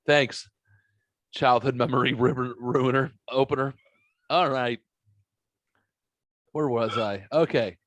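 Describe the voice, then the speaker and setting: A man's voice: mid-range voice, fairly even intonation, takes it slowly, pauses often, fairly bright tone, no echo. A man hosting a podcast, talking in a profane, rambling, self-mocking way. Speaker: podcast host. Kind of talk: casual podcast banter.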